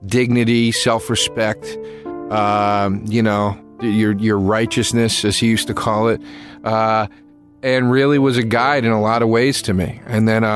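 Halting man remembering a friend. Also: lowish voice. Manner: halting, full of fillers, lively when retelling. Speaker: comedian giving a tribute. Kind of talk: spoken tribute.

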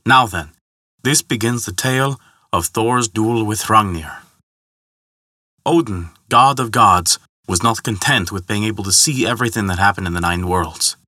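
Brief: male storyteller, measured and dramatic, bright tone, dry close sound. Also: medium pitch, no echo. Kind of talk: scripted mythology narration.

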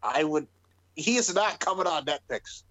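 Animated, lively-voiced male podcast co-host. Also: fairly high pitch, moderate pace, a crowd in the background, poor audio. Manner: animated, swears freely, breaks into laughter. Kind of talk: casual chat.

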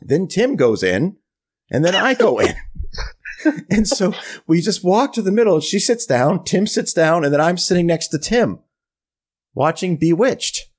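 A man's voice: sits high, a little slow, breathy edge. A middle-aged man on a podcast telling a long funny story, bouncing into exaggerated voices for the people he quotes. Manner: animated, mimics voices in quoted lines. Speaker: podcast co-host. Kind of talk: casual storytelling rant.

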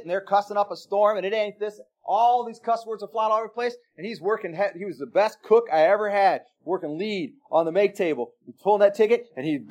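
A man preaching a sermon, telling a story with emphatic swings between loud exclamations and quiet asides. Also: sits high. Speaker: pastor.

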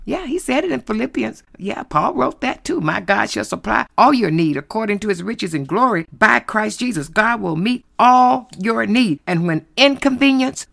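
A woman's voice: a little high, vocal fry, fairly bright tone, no echo, clean studio sound. A woman preaching a sermon with an emphatic cadence, full of exclamations and repetition.

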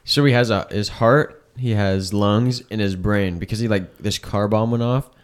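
Laid-back young man, low voice. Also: moderate pace. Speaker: podcast co-host. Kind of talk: casual chat.

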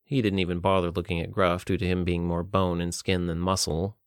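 A man reading a story aloud in a steady, even audiobook narration. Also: low voice, brisk, smooth, no echo, studio quality.

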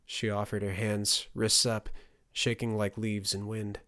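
A man narrating a fantasy audiobook in a steady storytelling delivery. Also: on the low side, unhurried, hardly any pauses.

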